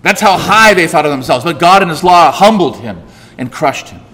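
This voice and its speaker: This man's sermon is expressive and moderately paced, with big leaps in pitch and volume to drive points home. As pastor, he leans on emphatic rhetorical questions, and the church sanctuary adds a long hall reverb.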